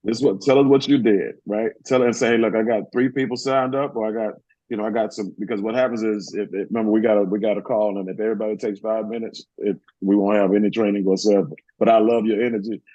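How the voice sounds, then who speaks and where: A man leading a group video call, coaching the group in a brisk, directive and encouraging way. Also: on the low side, fairly even intonation, mellow, dry recording. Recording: dull lo-fi call audio.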